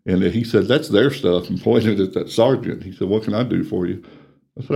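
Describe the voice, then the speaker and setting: Speaking fairly quickly, a middle-aged Texan with a drawl recounts his story in an interview as a ministry coordinator. He's earnest and plain-spoken, his low, dark voice carrying a gravelly fry that sinks to a hush when things hurt.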